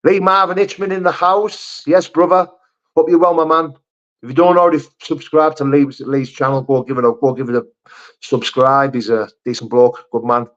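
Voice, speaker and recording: A man's voice: a little high, fairly even intonation, moderate pace. A middle-aged man, hosting a casual live stream, rambling, swearing and calling people mate as he reads out chat. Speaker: livestream host reading chat. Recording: slightly dull lo-fi stream audio.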